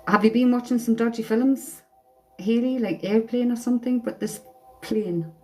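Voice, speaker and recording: A woman's voice: fairly high pitch, moderate pace, mellow, soft background music, low-quality recording. A woman giving a casual live-stream tarot reading as a psychic medium, chatty and blunt, swearing casually.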